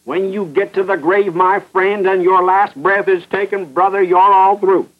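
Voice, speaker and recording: A man's voice: high voice, steady tone, unhurried. A man preaching a fervent sermon, hammering his points with repetition and rhetorical questions. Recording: muffled old radio broadcast.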